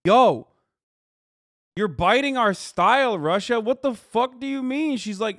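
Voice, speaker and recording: A man's voice: extremely high pitch, lively intonation, a little slow, fairly bright tone, dry recording, clean studio sound. A man in his thirties reacting to a news video on a livestream, ranting heatedly and swearing often as he talks to his chat. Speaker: livestream commentator.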